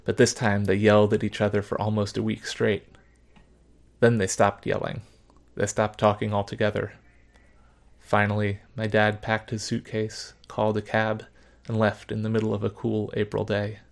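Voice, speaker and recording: A man narrating a story in the first person, measured, subdued and reflective. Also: on the low side, monotone, vocal fry.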